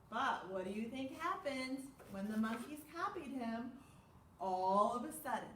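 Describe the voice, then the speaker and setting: A woman reads a storytime to kids, with lively pitch swings and an unhurried pace. She gasps and asks questions along the way. The recording sounds echoey and distant, with a faint hiss behind. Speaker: children's librarian. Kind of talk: storytime reading to children. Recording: echoey room, far from mic.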